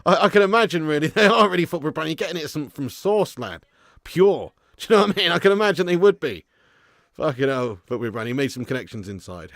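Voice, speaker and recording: A man's voice: a little high, animated, fast, fairly bright tone, no echo, studio quality. A man with a casual, laughing manner hosts a football watch-along stream, swearing freely and reading viewers' messages aloud. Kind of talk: casual live-stream chat.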